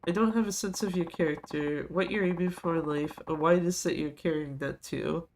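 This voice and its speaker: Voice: medium pitch, brisk, a little mellow, lightly acted. A streamer reading a stubborn old tattoo master. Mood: stern. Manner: grave, lecturing.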